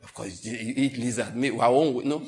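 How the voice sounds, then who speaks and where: A man preaching with a Nigerian Enugu accent, telling animated stories with mock outrage and laughter. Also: medium pitch, fairly quick. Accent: Nigerian English, Enugu. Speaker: pastor. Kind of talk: sermon.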